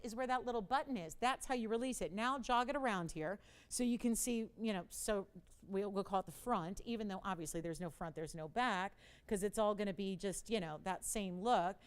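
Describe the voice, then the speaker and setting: A woman's voice: mid-range voice, brisk, clear, resonant tone. A woman hosting a live television jewelry auction, chatty and self-mocking, with dramatic pleas for bids and frequent laughs. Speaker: live shopping host.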